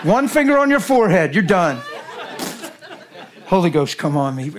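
Animated high-voiced male preacher. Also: moderate pace, a faint crowd, slight background noise. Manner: animated, jokey, swings from loud to hushed. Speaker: guest preacher. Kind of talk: sermon. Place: church.

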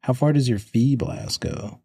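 A man's voice: mid-range voice, unhurried, mellow, slightly rough, no echo, studio quality. A man narrating a tabletop game as game master in a casual, descriptive way, thinking aloud as he goes.

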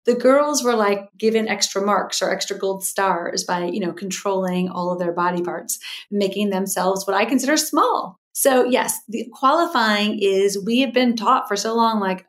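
A middle-aged woman, a guest expert on a podcast, explaining communication habits in a lively way and acting out quoted voices. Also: medium pitch, moderate pace. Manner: animated, acts out quoted voices, explains in lists. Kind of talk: podcast interview.

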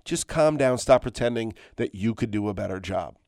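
A man's voice: on the low side, animated, normal speed, darkish tone, no room sound. Emphatic middle-aged man in a dry room. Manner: exasperated, emphatic, repeats himself; swears casually. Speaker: podcast host. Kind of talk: solo sports rant.

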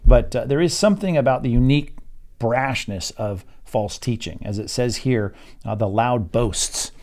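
A man teaches an evening Bible study, reading verses aloud and then explaining them in an unhurried, searching way. His voice sits at an ordinary middle pitch for a man. He thinks aloud, often pausing on fillers and restarting his words. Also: a little mellow.

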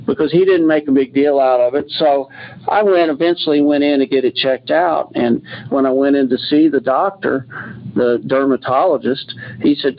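A man's voice: mid-range voice, moderate pace, gravelly. A man being interviewed, telling a long personal story in a rambling way and retelling what others said with "he says.". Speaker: guest telling his story. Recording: dull lo-fi sound.

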